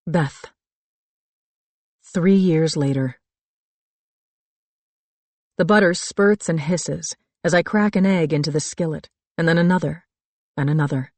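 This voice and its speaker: A middle-aged woman narrating a first-person thriller audiobook in a calm, reflective storytelling manner. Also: low voice, measured pace, long pauses, no echo. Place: dry studio booth.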